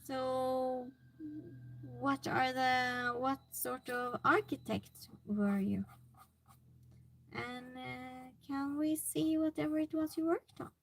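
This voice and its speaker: A woman streamer in casual chat, reading viewer comments aloud and reacting with animated exclamations. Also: high-pitched, slow pace, vocal fry, slight background noise.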